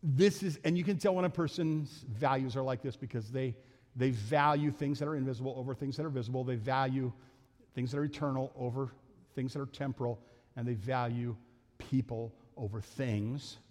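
A man's voice: medium pitch, fairly even intonation, moderate pace, a little mellow. A middle-aged man, a pastor, telling a family story in a folksy sermon and acting out the voices. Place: church sanctuary. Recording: reverberant church hall with faint music.

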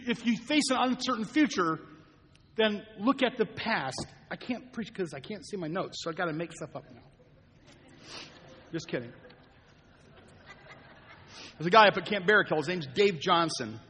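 A man's voice: high voice, expressive, normal speed, long pauses, fairly bright tone, slightly rough, big-room sound. An older man, a pastor and grandfather, preaching a sermon in a church, moving between folksy storytelling and fervent appeals to the congregation. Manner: conversational preaching, rising to fervent exhortation. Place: church sanctuary.

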